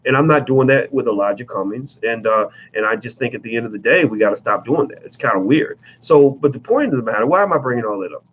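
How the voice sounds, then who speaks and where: Man, blunt emphatic commentary, profane, mid-pitched, slightly muffled lo-fi sound. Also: lively intonation, fast talker, few pauses, a little hiss or hum. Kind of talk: casual commentary vlog.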